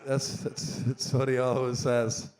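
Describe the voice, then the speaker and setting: A man's voice: mid-range voice, level tone, a little slow, a little mellow. An Irish man, a singer-songwriter telling a rambling, self-deprecating story between songs at a live concert. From Ireland.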